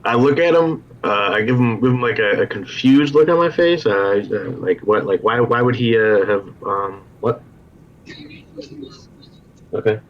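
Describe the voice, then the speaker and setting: A man playing a tabletop game from home, rambling and scattered in quick bursts. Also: lowish voice, slight background noise. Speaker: player. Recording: slightly muffled lo-fi mic.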